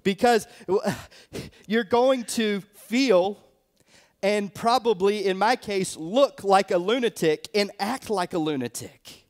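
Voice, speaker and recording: A man's voice: sits high, slow. Chatty man preaching a personal story. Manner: conversational storytelling with many fillers. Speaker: pastor. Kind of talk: sermon testimony.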